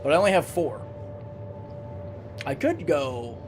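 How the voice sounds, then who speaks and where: A man's voice: fairly high pitch, sing-song, unhurried, over music. A man live-streaming a game, chatting casually, thinking aloud and answering chat, with a recurring cough.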